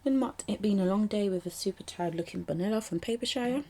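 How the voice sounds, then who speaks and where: A young woman from the UK, a planner vlogger, talks through her planner spreads in casual voice-over. Her voice is medium-pitched, quick and mellow, and she rambles chattily with ums and little asides.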